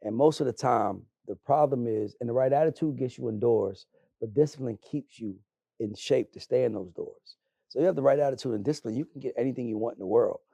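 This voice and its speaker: A man's voice: medium pitch, a little fast, gravelly, warm tone, dry recording. A man, a podcast guest, telling his life story bluntly and emphatically, swearing freely as he talks. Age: adult. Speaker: podcast guest, music manager. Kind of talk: candid conversational storytelling.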